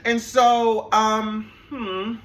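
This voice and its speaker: A man, an animator, telling a story in a casual, animated vlog, laughing and swearing as he goes. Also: high-pitched, drawn-out words.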